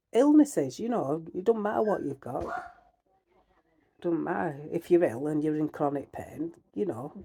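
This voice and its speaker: A woman with a broad Northern English accent talks straight to her viewers, plain-spoken and rambling. Her voice sits low and mellow with a husky edge, and she drifts from filler to filler. She sounds middle-aged. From Northern England. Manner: blunt, chatty, rambling with many fillers; heated, ranting. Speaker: vlogger. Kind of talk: casual chat to camera.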